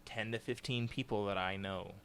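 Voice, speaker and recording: A man's voice: fairly low pitch, steady tone, normal speed, fairly bright tone, slight background noise. A man co-hosting a podcast, chatting casually, agreeable and full of fillers and stammered restarts. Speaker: podcast co-host. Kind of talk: casual chat.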